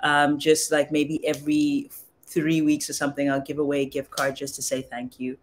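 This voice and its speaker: A woman's voice: deep voice, completely flat delivery, normal speed, slight background noise. A young woman from Southern Africa hosting a casual livestream, chatting with viewers, reading their comments aloud and trying out phrases from other languages. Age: young adult. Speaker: livestream host.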